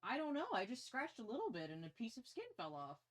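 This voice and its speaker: A young woman livestreaming from her partner's home setup, chatting excitedly and playfully about books and swearing casually. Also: a little high, quick pace.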